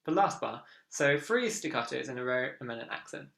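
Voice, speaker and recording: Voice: mid-range voice, lively intonation, a little fast, creaky, a bit bright, soft background music. A viola teacher giving an online lesson, encouraging and counting beats aloud. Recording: echoey room with viola playing.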